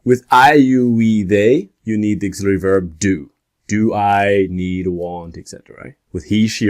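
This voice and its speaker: Low-voiced man teaching English grammar. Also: a little mellow. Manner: slow, deliberate, stresses example questions. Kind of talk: grammar lesson to camera.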